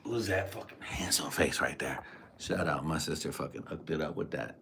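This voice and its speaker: A man's voice: very deep voice, moderate pace, gravelly, bright, forceful tone, slight background noise. A man hosting a livestream from a room at home, talking crude, rambling trash into a desk mic. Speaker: livestream host. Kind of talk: crude casual livestream chat. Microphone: desk microphone.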